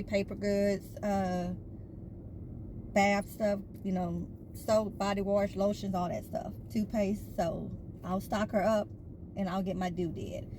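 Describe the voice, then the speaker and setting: A woman's voice: medium pitch, background noise. A woman vlogging in a casual, chatty way, telling stories with fillers and asides. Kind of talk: casual chat.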